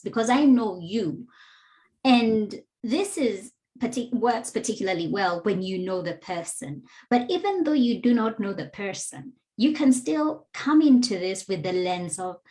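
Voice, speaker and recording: Guest: a woman with a mid-range voice, earnest, measured and teacherly. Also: medium pitch, a little mellow. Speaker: guest, DEI educator. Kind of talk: explanatory interview answers.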